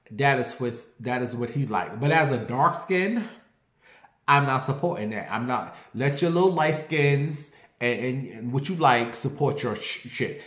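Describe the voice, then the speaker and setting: A medium-pitched man records a casual online video in a roomy-sounding space, commenting on gossip. His rant is animated, sassy, brash and profane.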